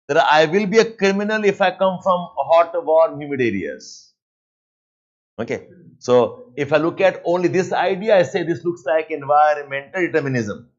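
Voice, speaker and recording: A man with an Indian English accent teaching a live online class, dictating points and repeating them slowly, with Hindi asides mixed in. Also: fairly high pitch, dull audio. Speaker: lecturer.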